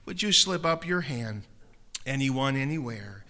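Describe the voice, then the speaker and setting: A man pastor preaching a sermon in a church auditorium, telling a story with gentle humor and then gently pleading with listeners to raise their hands for prayer. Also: medium pitch, animated, a little slow.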